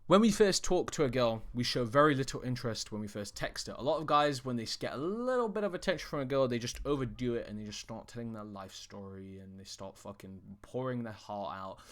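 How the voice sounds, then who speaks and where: A man's voice: medium pitch, lively intonation, fairly quick, few pauses, a bit bright. A man coaching on dating in a casual, direct-to-camera talk. He is blunt and swears freely, often restarting his sentences mid-thought.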